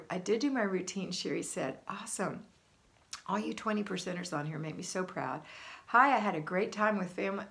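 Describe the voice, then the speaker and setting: A middle-aged woman with a medium-pitched, slightly bright voice hosts a homemaking livestream. She chats upbeat, reading viewer comments aloud and greeting each person by name.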